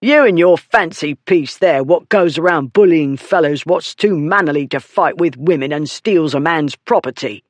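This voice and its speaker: A narrator voicing a drunken, blustering man who shouts in coarse dialect in an audiobook. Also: a little high, moderate pace, hardly any pauses, dry recording, close to an everyday voice. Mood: angry shouting. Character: drunken brutish male dog owner, blustering. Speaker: story character.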